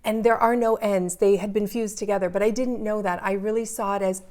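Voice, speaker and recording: A woman in her forties speaks as an interview guest, recounting her own story in vivid, earnest detail. Her pitch sits at an ordinary middle height for a woman. She lets the intensity climb as the story unfolds. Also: fairly even intonation, fairly quick, hardly any pauses, darkish tone.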